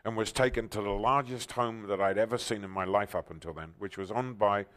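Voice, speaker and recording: An older man, a talk show guest telling stories with enthusiasm and loud, excited outbursts. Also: lowish voice, brisk. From England. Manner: enthusiastic, bursts into loud exclaiming when excited. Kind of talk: animated storytelling interview.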